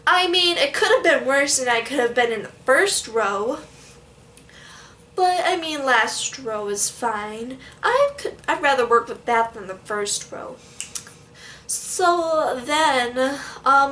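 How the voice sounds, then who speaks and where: A young woman telling a story in a casual vlog, animated and sassy, acting out what people said. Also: sits high, far from the mic, slight background noise. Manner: animated, sassy, dramatic retelling with quoted asides. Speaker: vlogger.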